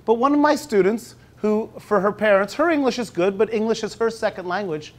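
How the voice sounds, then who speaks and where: Presenting at a university conference, this teacher has a high-pitched male voice and a relaxed style. He restarts sentences as he talks conversationally and eases his pace whenever he reads something aloud.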